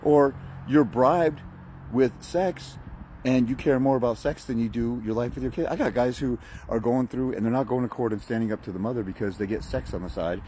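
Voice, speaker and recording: A man's voice: mid-range voice, fairly quick, warm tone, slight background noise. A man ranting bluntly and profanely to camera as a fathers' rights advocate, mocking and preachy. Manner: preachy, uses film analogies. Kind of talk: motivational rant to camera.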